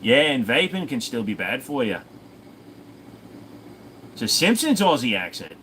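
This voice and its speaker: A man's voice: medium pitch, big pitch swings, a little slow, pushed and bright, slight background noise, poor audio. A man hosting a casual livestream Q&A, reading out viewer comments and answering them in an offhand, profane way. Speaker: host.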